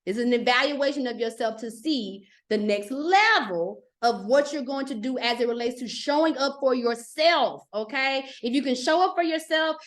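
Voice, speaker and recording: A middle-aged woman teaching an astrology class in a chatty, animated way, often checking in with "okay?" and acting out little quotes. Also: high voice. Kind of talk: live class, casual teaching.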